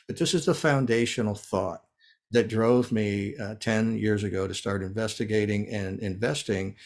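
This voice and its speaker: A middle-aged man with an American accent giving a keynote lecture in a measured, earnest way, pausing on fillers and restarting phrases. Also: on the low side, steady tone. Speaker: keynote speaker.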